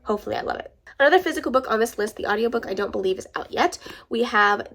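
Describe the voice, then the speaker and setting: A woman's voice: on the high side, expressive, racing, fairly bright tone. A woman with a stuffed-up nose, chatting casually and gushing as a book vlogger, swearing now and then. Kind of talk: casual chat.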